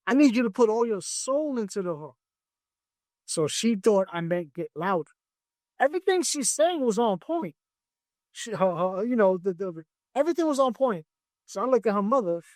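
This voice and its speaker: A man with a fairly high voice tells stories in a relaxed podcast interview, recorded close and dry with little room sound. He is a music producer, and he acts out the back-and-forth from studio sessions. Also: dry recording. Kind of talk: casual interview storytelling.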